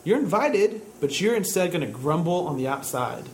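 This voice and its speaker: A man preaching a sermon, building to loud, high-pitched emphasis as he drives his points home. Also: sing-song, normal speed, slight background noise, rough recording. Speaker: pastor.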